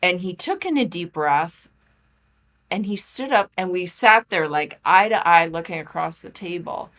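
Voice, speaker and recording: Chatty woman, lowish voice. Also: unhurried. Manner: chatty and animated, frequent "like" and laughs. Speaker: podcast guest, holistic practitioner and author. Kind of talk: casual interview chat.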